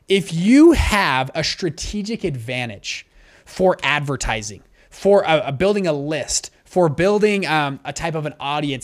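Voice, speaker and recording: Higher-voiced man teaching at a whiteboard. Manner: brisk, conversational, with frequent restarts. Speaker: fund manager teaching investors. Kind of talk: whiteboard lesson.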